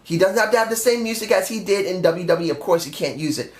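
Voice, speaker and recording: A man's voice: high-pitched, quick pace. A man reviewing a wrestling show in a casual vlog, talking emphatically, ranting at times and swearing freely. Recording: echoey room.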